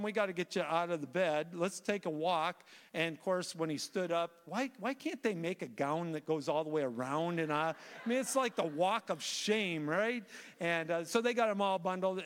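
A man preaching a sermon, telling a story in an animated way with frequent restarts and fillers. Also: high voice, moderate pace, clear, resonant tone. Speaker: guest preacher. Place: church sanctuary. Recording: reverberant church sanctuary.

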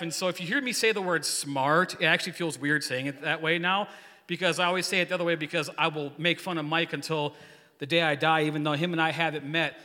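Joking youth pastor in echoing church. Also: male voice, sits high, fairly quick. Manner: joking, energetic, rambling storyteller. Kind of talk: casual sermon with congregation call-and-response. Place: church hall. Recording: long hall reverb.

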